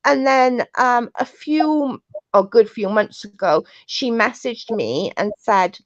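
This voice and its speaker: On a livestream with muffled lo-fi audio, a woman acting as guest co-host chats casually, laughing often and telling rambling stories. Her voice is a little high, animated and slow.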